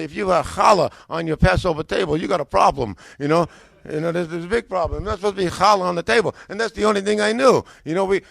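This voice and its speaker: An older man telling his own life story in a lively way, acting out the dialogue and often restarting his sentences. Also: a little high, creaky, no echo. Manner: acts out quoted dialogue, excitable, restarts often. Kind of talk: animated personal storytelling.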